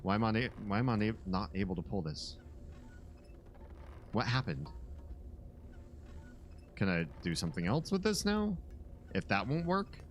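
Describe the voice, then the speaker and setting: A man's voice: fairly low pitch, sing-song, normal speed, pauses often, slight background noise. A man streaming a game, rambling sardonically to his chat. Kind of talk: casual gameplay commentary.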